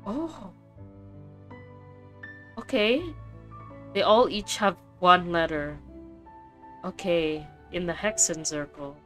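A young woman streamer giving casual, excitable commentary while she plays a game, swearing and laughing often. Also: fairly low pitch, slow pace, pauses often, soft background music.

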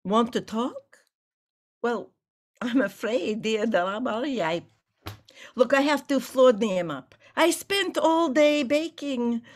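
A woman's voice: a little high, lively intonation, slow pace. An actress playing an aging wife who visits her sick husband in hospital, chattering nervously and laughing often. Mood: chatty. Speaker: actor in a play reading. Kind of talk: staged play reading.

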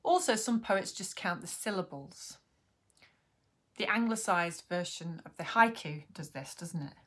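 A woman's voice: lowish voice, animated, unhurried, a bit bright. Woman teaching a poetry workshop. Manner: friendly, explanatory, with frequent ums. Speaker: poet and workshop host. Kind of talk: online poetry lesson to camera.

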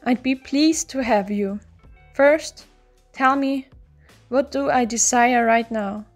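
A woman voicing a calm older nobleman who speaks in a measured, fatherly way in a storybook reading. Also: on the high side, faint music behind. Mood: lordly.

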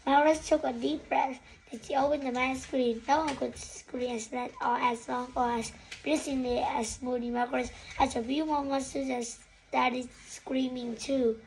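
A woman's voice: high-pitched, flat delivery, moderate pace, a little mellow, slight background noise, rough recording. A woman reading a children's story aloud, with occasional stumbles and slips over the words. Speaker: story reader.

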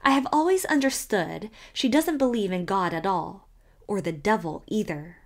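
A woman's voice: medium pitch, expressive, normal speed, close to an everyday voice. A woman voicing a prim, gossiping older village woman who disapproves with tolerant, mock-pleasant airs. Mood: disapproving.

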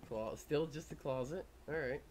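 A man giving let's play commentary on a horror game, jumpy and profane, with nervous laughs and loud startled outbursts. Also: a little high, normal speed, slight background noise. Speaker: gaming YouTuber.

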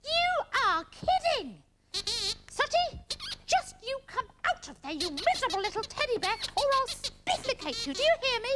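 A squeaky, bossy panda girl. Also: huge pitch swings, moderate pace, noisy background, heavily acted. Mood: cross. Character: chatty excitable female panda puppet. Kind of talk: children's puppet show acting.

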